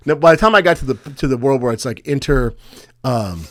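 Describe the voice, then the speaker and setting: Podcast co-host, young adult man, mid-pitched, animated storyteller who slips into shouting caller impressions; dry close sound. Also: fairly quick, no echo. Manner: animated, acts out angry callers in raised voice. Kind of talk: casual storytelling chat.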